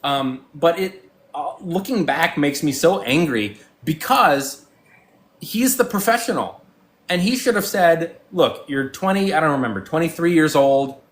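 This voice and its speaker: A man's voice: fairly high pitch, animated, unhurried. A man in his forties talking casually as a guest, telling stories with lots of fillers and restarts and acting out both sides of old conversations. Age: 40s. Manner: rambling storyteller, many fillers and restarts. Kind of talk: casual chat.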